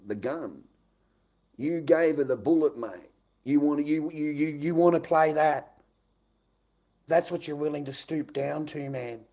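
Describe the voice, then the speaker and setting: A man's voice: on the high side, mellow. A middle-aged man ranting angrily on a livestream, swearing and repeating himself. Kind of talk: angry livestream rant.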